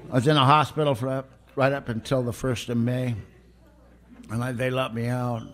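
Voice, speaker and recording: A man's voice: medium pitch, level tone, moderate pace, a bit bright. A middle-aged man, telling his own story at a recovery meeting in a raw, plain-spoken way. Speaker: recovery speaker.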